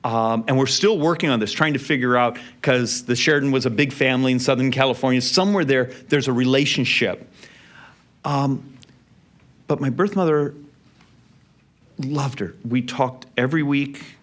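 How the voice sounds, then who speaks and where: A middle-aged man giving a speech, telling a personal family story in an anecdotal way and dropping quiet and soft in the emotional parts. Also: medium pitch, normal speed. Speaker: speaker. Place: event venue.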